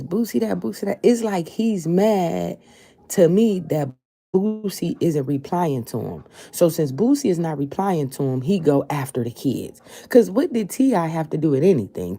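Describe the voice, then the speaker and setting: Brief: female commentary host, lively animated delivery, warm husky voice, repeats points for emphasis. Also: deep voice. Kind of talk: opinion commentary.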